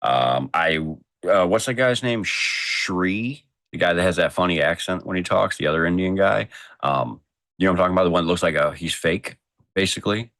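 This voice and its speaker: A man with an extremely low voice talks loosely on a live show, rambling and joking. His tone is gravelly yet oddly bright and forceful. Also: normal speed, no room sound. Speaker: co-host. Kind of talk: casual chat.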